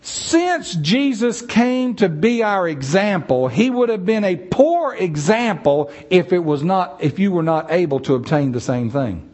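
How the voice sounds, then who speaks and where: A man preaching a sermon in a church, animated and acting out the voices of the people he quotes. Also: sits high, a little slow, hardly any pauses.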